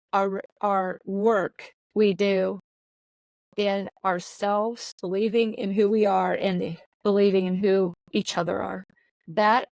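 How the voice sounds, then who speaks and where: A woman's voice: mid-range voice, darkish tone, no room sound, rough recording. A middle-aged woman coach talking earnestly in an interview, often repeating words as she searches for her phrasing. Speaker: volleyball coach. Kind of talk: podcast interview.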